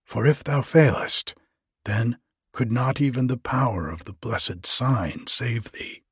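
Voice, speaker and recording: A man's voice: medium pitch, lively intonation, slow pace, breathy edge, no echo, clean studio sound, heavily acted. A man voicing a wailing little grizzled old goblin, pleading in archaic storybook speech. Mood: warning. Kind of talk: storybook reading.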